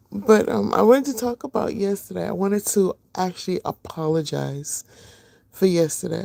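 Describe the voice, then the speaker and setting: A middle-aged woman hosting a casual livestream, just woken up with a rough voice, chatting to her viewers with lots of fillers. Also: fairly low pitch, no echo, studio quality. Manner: chatty, warm greetings to viewers, many fillers. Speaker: livestream host.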